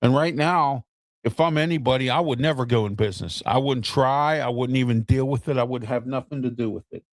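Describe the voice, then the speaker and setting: Man, middle-aged, gravelly voice, exasperated opinion host, blunt, dry close sound. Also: mid-range voice, brisk, no room sound. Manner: blunt, exasperated, talks straight to viewers. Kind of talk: ranting opinion commentary.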